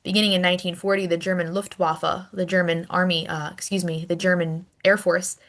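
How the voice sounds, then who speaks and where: Flat-voiced woman giving a history lecture. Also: on the low side, brisk. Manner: conversational, with frequent restarts and repeated words. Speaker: history teacher. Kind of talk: recorded classroom lecture.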